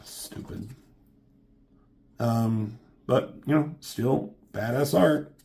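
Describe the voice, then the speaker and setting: A man's voice: mid-range voice, extremely slow, vocal fry, warm tone. A man giving a casual comic book review, rambling and joking with lots of swearing.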